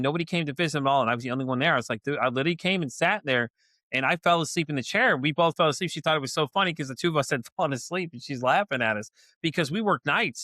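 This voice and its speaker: A fast-talking middle-aged man tells a story on a podcast, circling back with lots of fillers and acting out the quotes. His voice is bright and a little high, and it sits close and dry in the recording. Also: dry recording. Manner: rambling, lots of "you know" and "like", acts out quotes. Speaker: podcast host. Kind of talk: casual storytelling chat.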